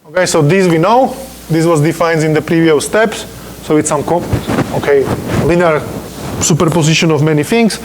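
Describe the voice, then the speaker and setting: In a lecture room, a man who is not a native English speaker gives a university physics lecture in an informal, joking style, often checking in with "okay?". His voice sits on the high side at a moderate pace, with slight background noise.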